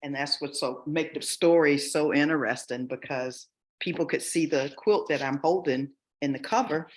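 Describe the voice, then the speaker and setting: A woman's voice: low-pitched, moderate pace. A woman author being interviewed over a video call, speaking in an earnest, reflective way and often restarting her sentences. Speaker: author and guest. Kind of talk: interview conversation.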